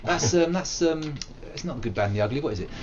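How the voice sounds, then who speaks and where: British man, game streamer, rambling jokey chat, lively swooping pitch, dull sound with faint noise. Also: fast talker. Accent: British English. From England. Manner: joking, rambling, bursts into silly growls and sung bits. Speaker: streamer playing a game live. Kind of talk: casual live-stream commentary.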